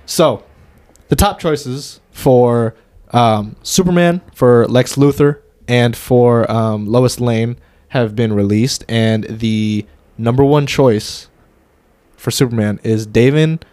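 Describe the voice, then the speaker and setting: A man's voice: medium pitch, takes it slowly, a little mellow, no room sound. A man co-hosting a casual movie review podcast, loose and jokey, swearing and stumbling over names. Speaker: podcast co-host.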